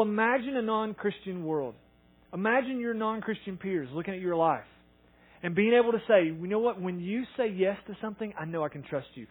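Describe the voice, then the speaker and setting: A husky man preaching a sermon with a somewhat high voice. He is an earnest pastor who acts out the voices of people he quotes, swinging from loud to soft. The recording sounds tinny and narrow, like a phone line.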